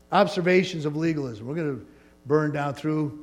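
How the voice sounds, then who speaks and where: A man preaching a sermon as pastor, conversational and animated, with frequent jokes. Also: a little high, moderate pace.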